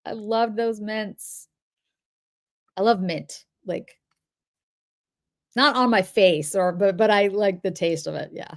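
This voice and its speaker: A woman hosting a live video, chatty and rambling as she answers viewers one after another. She is middle-aged and from the Boston area, and her voice sits at an ordinary middle pitch. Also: slow, pauses often. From Boston area, New England. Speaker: livestream host. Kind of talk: casual livestream chat reading comments.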